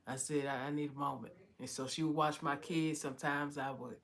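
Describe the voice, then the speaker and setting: A woman's voice: low voice, fairly even intonation, a little fast, a bit bright. A woman giving a heartfelt personal testimony, often repeating "you know". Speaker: vlogger telling her story.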